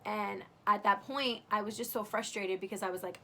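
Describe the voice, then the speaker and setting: A woman's voice: mid-range voice, fairly even intonation, moderate pace, few pauses, pushed and bright. A young adult woman casually telling the story of giving birth, chatty and candid, full of "like" and the odd swear. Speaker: new mother telling her birth story.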